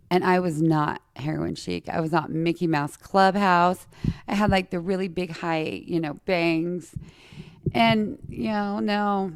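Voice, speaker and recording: A woman from Utah with a slight lisp tells personal stories in a casual, chatty way, talking straight to her listeners. Her voice sits a little low and has a gravelly fry, yet it comes across smooth and resonant. The sound is close and dry. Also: no room sound. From Utah, USA. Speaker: podcast host.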